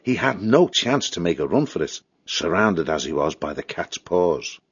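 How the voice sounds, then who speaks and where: Deep, husky storybook narrator. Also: male voice, moderate pace, no echo, lo-fi sound. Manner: steady, expressive reading.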